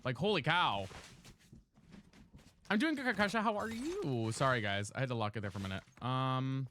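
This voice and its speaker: A man's voice: mid-range voice, big pitch swings, normal speed, bright, forceful tone, a little hiss or hum. A man streaming a game live, chatting with viewers and swearing, a little tired after hours on air. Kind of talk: live gameplay commentary and chat.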